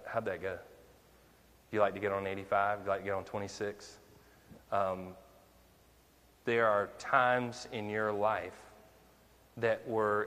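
A man's voice: on the low side, fairly bright tone, big-room sound. A male minister preaching a conversational sermon, full of rhetorical questions to the congregation.

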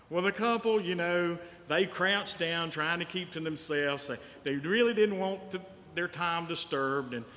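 A man's voice: a little high, pushed and bright. A man preaching a sermon as pastor, telling stories and repeating key lines for emphasis. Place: church sanctuary. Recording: church hall reverb with faint noise.

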